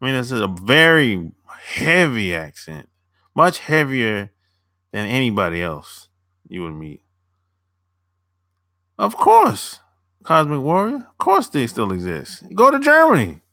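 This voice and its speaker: A man's voice: medium pitch, wildly swooping pitch, measured pace, long pauses, sharp tone, no room sound, clean studio sound. A young man chatting loosely on a live stream, answering viewers as a dating coach, rambling and repeating himself with casual swearing.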